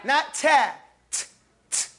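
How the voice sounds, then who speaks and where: A man's voice: very high voice, animated, takes it slowly, sharp tone, slight background noise. A man teaching a class Arabic letter pronunciation, saying each sound and correcting the students firmly. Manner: firm, corrective, demonstrates each sound and asks for repeats. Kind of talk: call-and-repeat pronunciation drill.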